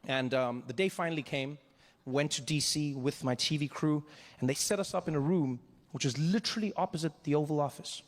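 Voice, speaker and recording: A male stand-up comedian from Africa tells a story in a high, fast voice. He acts out each scene with lively energy.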